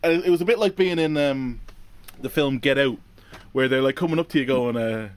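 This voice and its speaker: A man's voice: mid-range voice, brisk. A man with a Dublin accent co-hosting a podcast, telling wry stories in casual chat. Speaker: podcast co-host.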